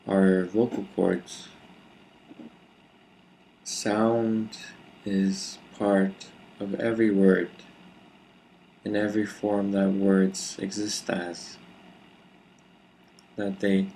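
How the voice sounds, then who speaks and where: A man giving a reflective solo talk to camera, explaining ideas in a slow, measured, deliberate way with pauses. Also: low voice, gravelly, dark tone, slight background noise, low-quality recording. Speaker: video speaker.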